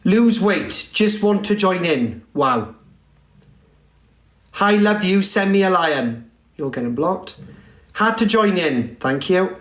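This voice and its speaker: A man live streaming and reading chat comments aloud in a teasing, theatrical way, jumping from shouts to low mutters. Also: animated, takes it slowly, long pauses. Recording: echoey room with faint music.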